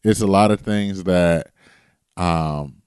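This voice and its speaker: A man's voice: low-pitched, slow pace, a little mellow, clear, resonant tone, no room sound, clean studio sound. A man from Detroit co-hosting a podcast, speaking in a laid-back, wry way during casual chat. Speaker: podcast co-host.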